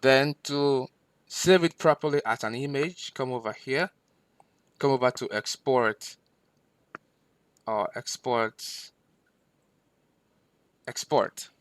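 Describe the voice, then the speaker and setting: Patient man teaching a software tutorial. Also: medium pitch, slow, long pauses, no echo. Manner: patient, repeats steps with fillers. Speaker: instructor. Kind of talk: screen-recorded software tutorial.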